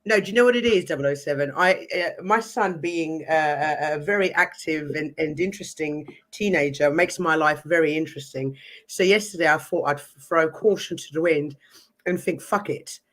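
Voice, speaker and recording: A woman's voice: low voice, normal speed. A woman in her forties with a London accent, chatting as a panel guest in an apologetic, self-mocking way. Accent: London English. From England. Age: 40s. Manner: apologetic, self-deprecating, laughs often. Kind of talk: casual chat.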